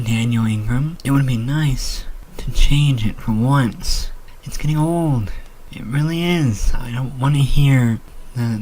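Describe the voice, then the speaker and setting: A man reacting to a cartoon, complaining in a flat, deadpan way. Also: mid-range voice, low-quality recording. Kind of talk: reaction commentary.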